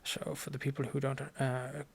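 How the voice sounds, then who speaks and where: Whispered role-play: young Norwegian-accented man as a teacher, gravelly, halting, deadpan. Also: medium pitch. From Norway. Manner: soft-spoken, halting, deadpan joking. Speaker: ASMR creator playing a language teacher.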